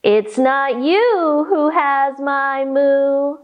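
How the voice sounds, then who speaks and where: A woman voicing a gentle female farm cow who has lost her moo, in a slow, plaintive storybook voice. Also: high-pitched, lo-fi sound.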